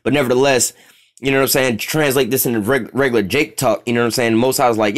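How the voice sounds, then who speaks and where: A man's voice: medium pitch, fairly even intonation, quick pace. A man teaching scripture in a loose street style, profane and rambling, constantly checking in with "all right?".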